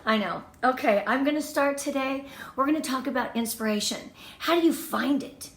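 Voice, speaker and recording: A woman's voice: high-pitched, moderate pace, slight background noise. A woman in her fifties from Southern California, giving an effusive, emotional motivational talk as a team leader on a live video stream. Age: 50s. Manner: bubbly, effusive, emotional and lively. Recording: echoey room.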